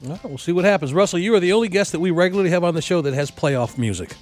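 Upbeat higher-pitched radio host man. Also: animated, rapid-fire, darkish tone, faint music behind. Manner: upbeat, laughs often. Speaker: radio sports show host. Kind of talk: morning radio banter.

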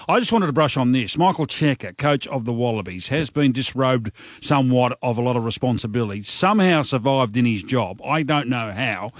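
Animated Australian man ranting on sport. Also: mid-range voice, fairly quick, no room sound, lo-fi sound. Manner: animated, exasperated rants. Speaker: sports commentator. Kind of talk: radio sports segment.

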